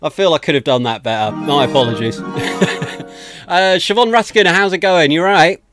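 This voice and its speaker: A man's voice: a little high, normal speed, music in the background. A man hosting a livestream, chatting casually and self-deprecatingly as he greets viewers one by one, close to a desk microphone. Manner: chatty, self-deprecating, frequent laughs and thank-yous. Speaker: livestream host. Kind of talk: casual chat to stream viewers.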